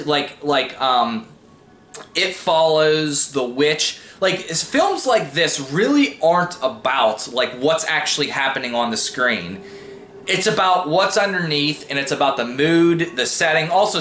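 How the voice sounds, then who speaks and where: Guy vlogging about a movie, rambly with tons of "like"s, bright punchy voice, kinda echoey room with a little hiss. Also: mid-range voice. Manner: rambling, many restarts and "like" fillers. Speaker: film vlogger. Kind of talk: casual vlog talk about a film screening.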